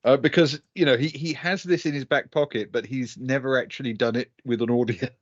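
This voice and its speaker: A man narrating as game master of a tabletop game, pausing often with ums and uhs. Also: medium pitch, fairly even intonation, no echo, muffled recording. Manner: hesitant, many ums and uhs while narrating.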